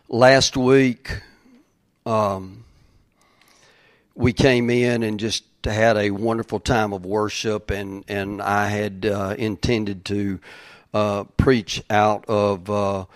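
A middle-aged pastor preaching a sermon, halting with many fillers and then building to fervent emphasis. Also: male voice, on the low side, no room sound, clean studio sound.

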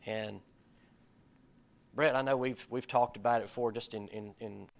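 A man leads a casual sermon in an earnest, conversational voice with a gravelly, slightly fried texture. His pitch sits in an ordinary middle range. He talks plainly to his listeners and now and then builds to emphatic peaks. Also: fairly even intonation, normal speed. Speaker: pastor or Bible study leader. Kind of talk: informal sermon.

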